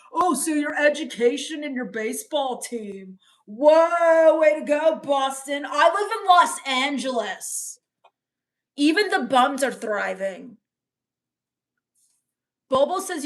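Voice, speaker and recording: A young woman streaming in character, deadpan and sulky, sarcastically complaining while reading chat comments aloud. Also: high voice. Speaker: comedic livestreamer reading chat. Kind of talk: in-character comedy livestream.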